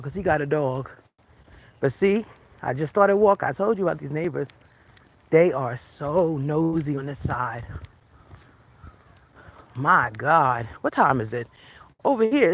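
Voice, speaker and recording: A woman vlogging casually while walking outdoors, chatty and quick to laugh, talking to her dog along the way. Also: lowish voice. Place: outdoors on a residential street.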